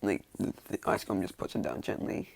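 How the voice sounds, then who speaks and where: A man's voice: fast, a little mellow, no echo. A young man casually retelling a fan-made story, rambling and self-mocking, with lots of "like" and restarts.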